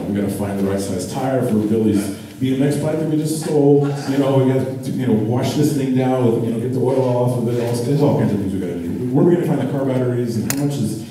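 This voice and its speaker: A man doing a stand-up comedy set on stage, talking in a deadpan, rambling way with lots of fillers. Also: mid-range voice, fast talker, few pauses, slight background noise. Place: theater stage. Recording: echoey theater, distant mic, crowd laughter. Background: audience laughter.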